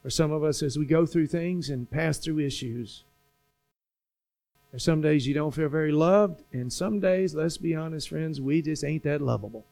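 A man preaching a sermon in a church, repeating phrases and building slowly to emphatic points. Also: on the high side, gravelly, darkish tone, faint music behind. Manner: preaching with slow emphatic build-ups and repetition. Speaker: pastor. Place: church sanctuary.

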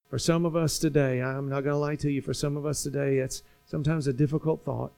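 Male pastor, higher register, gravelly, measured delivery, soft music under him. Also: fairly even intonation. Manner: preaching with slow emphatic build-ups and repetition. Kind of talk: sermon. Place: church sanctuary.

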